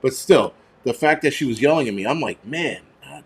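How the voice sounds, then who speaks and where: A man's voice: mid-range voice, lively intonation, a little fast, slightly rough. A man, hosting a prepper channel and telling stories in a heated, profane, rambling rant. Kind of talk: casual ranting monologue.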